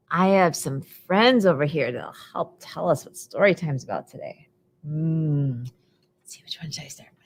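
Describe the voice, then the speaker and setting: A woman leading a preschool storytime, talking in a slow, sing-song way for small children. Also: low-pitched, lively intonation. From United States. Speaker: children's librarian.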